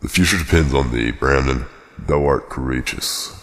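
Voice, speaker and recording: A man doing an ancient dying tree spirit, rumbling low. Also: fairly bright tone, in a large hall. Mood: solemn. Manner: slow, archaic, solemn reading.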